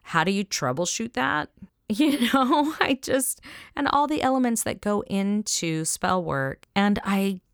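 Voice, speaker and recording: A woman with a Southern US accent co-hosting a podcast, chatting in an animated way, laughing often and trailing off mid-sentence. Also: medium pitch, a little slow, vocal fry, clean tone, no echo, studio quality. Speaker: podcast co-host. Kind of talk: casual chat about witchcraft practice.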